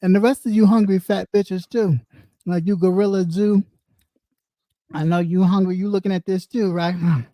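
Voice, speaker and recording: A commentary show host talking in a crude, mocking, profane way, out of breath, with drawn-out eating noises. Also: mid-range voice, fairly even intonation, mellow, no room sound. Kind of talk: casual commentary.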